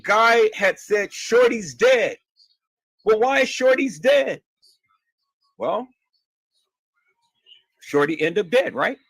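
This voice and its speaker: Man, livestream host; fairly high voice, dry close sound, insistent, repeats himself. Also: fairly bright tone, dry recording. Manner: emphatic and insistent, stammering repeats. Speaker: livestream host answering viewer questions. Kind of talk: heated livestream talk.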